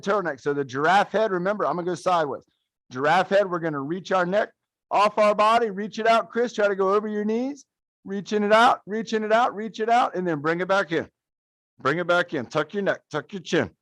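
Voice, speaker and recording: A young man with a fairly high voice leads a fitness class, counting out reps and encouraging his students in an upbeat, playful way. The sound is dry and close, with no room echo. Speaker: fitness coach. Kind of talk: live adaptive fitness class instruction. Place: fitness studio.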